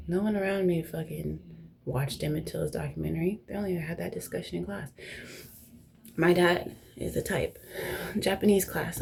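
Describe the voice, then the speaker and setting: A woman's voice: fairly low pitch, fairly even intonation, moderate pace, creaky, darkish tone. A young woman host telling personal stories in a casual, blunt, profane way, often dropping to a near whisper. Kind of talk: casual storytelling chat.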